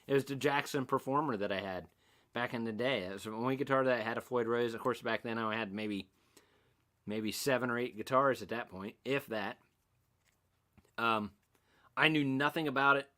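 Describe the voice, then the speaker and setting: A man's voice: mid-range voice, normal speed, pushed and bright. A middle-aged man hosting a casual livestream, rambling and self-mocking as he reads out and answers chat comments. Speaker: livestream host.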